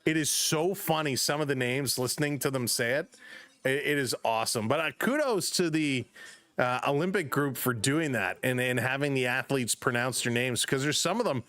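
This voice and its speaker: A man hosts a live baseball stream, mixing casual play-by-play with chatty greetings, naming chat viewers between pitches and getting loud and excited on big plays. He talks at a moderate pace in a dry recording.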